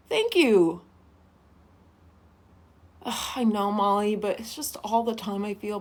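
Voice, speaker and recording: A woman's voice: mid-range voice, expressive, takes it slowly, long pauses. A woman livestreamer in casual chat, greeting viewers by name and reading their comments aloud in a sweet, affectionate way.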